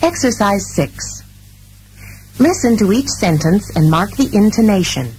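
A woman narrating textbook audio, reading exercise instructions in a slow, careful way. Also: mid-range voice, expressive, darkish tone, a little hiss or hum, rough recording.

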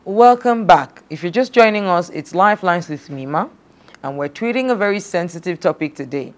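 An actress playing a counseling show host who calmly and steadily urges her guests to calm down. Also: fairly low pitch, normal speed, lightly acted. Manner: calm, soothing, repeatedly pleads for calm. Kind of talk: scripted drama acting.

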